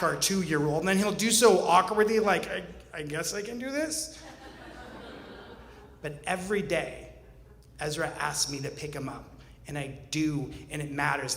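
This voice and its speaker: A man's voice: a little high, creaky, fairly bright tone. A man in his forties telling a personal story on stage, earnest with wry humor. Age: 40s. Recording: roomy hall reverb, faint ambience.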